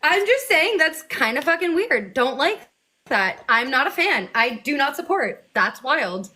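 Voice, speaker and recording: A woman guest on a livestream, chatting casually and reacting in an animated way with slang and swearing. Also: high voice, unhurried. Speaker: guest actor. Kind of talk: casual chat.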